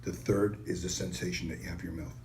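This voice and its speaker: A man presenting a wine and cheese tasting, enthusiastic and casual in a sales-pitch manner. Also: fairly even intonation, fast, darkish tone, slight background noise. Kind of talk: product tasting demonstration.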